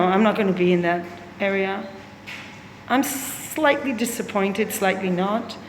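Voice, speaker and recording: A blunt, opinionated woman gives a sarcastic walkthrough of an art exhibit, swearing freely as she judges the work. Her voice carries around a roomy gallery with a long reverb tail. A faint background hum sits underneath. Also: medium pitch. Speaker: gallery visitor. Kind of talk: candid spoken gallery walkthrough.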